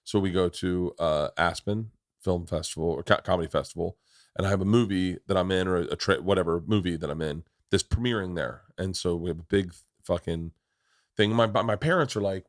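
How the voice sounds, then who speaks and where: A middle-aged man hosting a podcast, telling stories in a loud, laughing, profane way. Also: low-pitched, lively intonation, a little fast, no echo, clean studio sound. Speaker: podcast host. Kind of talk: casual chat and storytelling.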